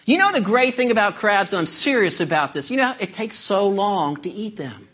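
A man's voice: high-pitched, sing-song, moderate pace, a bit bright. A man preaching a sermon, building to passionate, urging calls with rhetorical questions. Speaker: pastor.

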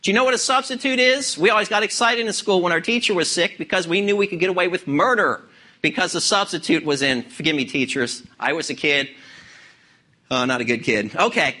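Speaking fairly quickly, a high-voiced pastor preaches an expository sermon to his congregation. Bright and forceful, he hammers key words and keeps posing rhetorical questions.

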